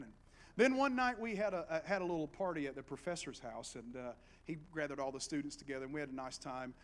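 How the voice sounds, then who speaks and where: A middle-aged man preaches with an Appalachian accent, in a voice set a little high for a man. He moves from quiet, close storytelling to loud, rousing exhortation. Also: brisk. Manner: animated, with big swings between hushed storytelling and loud exhortation. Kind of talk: sermon.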